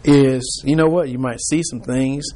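A man's voice: medium pitch, fairly even intonation, moderate pace, dark tone. A man leading an informal Bible study, talking conversationally with frequent restarts and acting out people's reactions.

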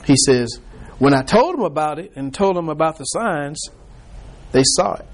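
A man's voice: a little high, animated, normal speed. Chatty man teaching a Bible study. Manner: conversational, restarts often, acts out reactions.

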